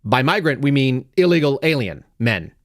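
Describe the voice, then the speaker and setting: A middle-aged man hosting a live political commentary show, sarcastic and animated, dropping to a low mutter and then rising into loud outbursts. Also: moderate pace, no room sound, studio quality. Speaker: podcast host.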